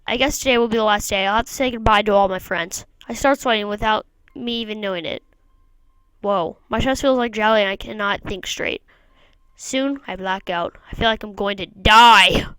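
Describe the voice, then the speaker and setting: Smooth-voiced woman reading a game aloud. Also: mid-range voice, moderate pace, sharp tone, no room sound, rough recording. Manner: reads narration plainly, breaks off with wry asides. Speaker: gamer. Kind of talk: reading a visual novel aloud.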